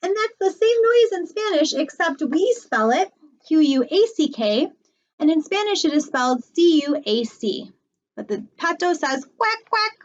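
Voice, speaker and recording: A woman librarian teaching small children animal words, slow and encouraging, with cheerful praise. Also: high voice, very animated, highs cut off.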